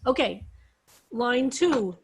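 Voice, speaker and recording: A fairly high-voiced woman rabbi speaks slowly and deliberately over a video call. She walks her class through Hebrew words, one root at a time, in a patient teaching manner. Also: expressive, breathy edge. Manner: explanatory, unhurried, spells out Hebrew roots. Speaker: rabbi teaching a psalm study. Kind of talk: online Bible study class.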